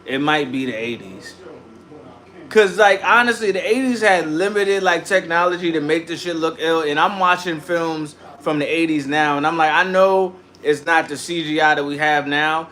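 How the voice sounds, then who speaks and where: A man's voice: a little high, normal speed, pushed and bright. A man hosting a casual livestream, ranting and chatting in slang and greeting viewers by name. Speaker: livestream host.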